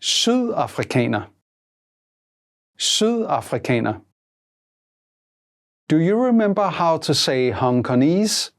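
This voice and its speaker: With a medium-pitched, very animated voice, this teacher works through a scripted language lesson. Prompts come in a measured way, and every answer gets repeated twice.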